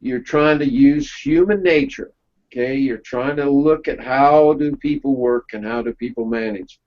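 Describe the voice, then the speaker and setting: Man, mid-pitched, folksy anecdotal storytelling, casual round-table talk, dull lo-fi sound. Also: fairly even intonation, a little slow, a little mellow. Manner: folksy storytelling, checks in with "okay?". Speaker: webinar presenter. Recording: dull lo-fi recording.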